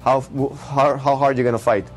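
A man telling an inspirational religious story in a conversational, animated way. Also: medium pitch, moderate pace, loud music behind the voice. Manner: conversational, animated with many fillers.

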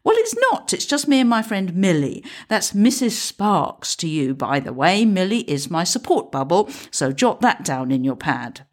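A woman voicing a feisty, sarcastic old woman, shrill and bossy. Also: big pitch swings, moderate pace, few pauses. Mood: indignant. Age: older.

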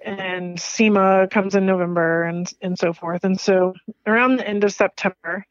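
A woman, a business owner being interviewed, telling her story in an animated way, laughing often and leaping up in pitch when she quotes herself. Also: moderate pace, no echo, dull audio.

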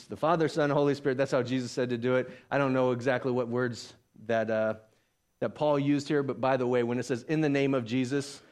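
A man preaching a sermon, animated and acting out the voices of the people he talks about. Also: mid-range voice. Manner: animated, acts out voices of biblical figures. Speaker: pastor.

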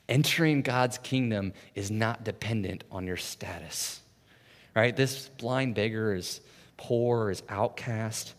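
A man preaching a sermon in a conversational way, often adding "right?" and swinging from hushed, soft passages to loud, intense ones. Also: lowish voice. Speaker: pastor. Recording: long reverb of a large hall.

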